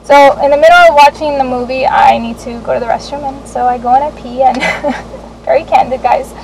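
A young adult woman vlogging, telling a candid personal story in an animated way, with laughs and the odd swear. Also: sits high, a little fast, vocal fry, a little hiss or hum, low-quality recording.

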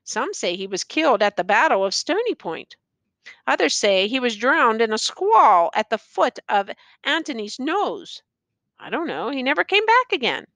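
A woman's voice: fairly high pitch, sing-song, moderate pace, fairly bright tone, dry recording. A woman voicing an old village man with a thin, piping voice. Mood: matter-of-fact.

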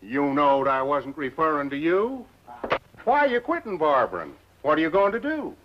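A man's voice: on the high side, very animated, moderate pace, noisy background. An actor playing a chatty townsman with folksy, teasing talk, from a muffled old TV soundtrack. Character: chatty male townsman customer. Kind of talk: 1950s TV western acting.

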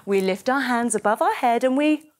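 A woman leading a children's yoga story, telling it in an animated way with playful sound effects. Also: on the high side, moderate pace. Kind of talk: guided kids' yoga story.

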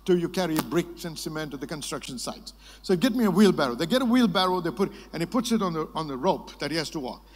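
A man's voice: fairly high pitch, fast, slight background noise. Male preacher in a reverberant hall. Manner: lively storytelling, prompting the congregation to answer. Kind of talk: sermon. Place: large conference hall. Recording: long reverb of a large hall.

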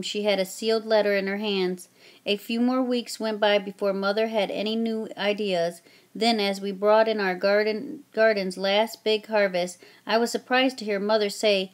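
Woman, narrator, children's book reading, steady, plain. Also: mid-range voice.

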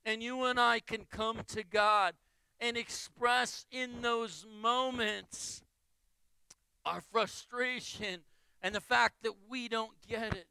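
A male pastor delivers a sermon in an unusually high, bright and forceful voice. His speech is slow and deliberate. He presses each point by repeating phrases in building lists, and the sound is dry and close. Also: vocal fry, clean tone, dry recording, rough recording.

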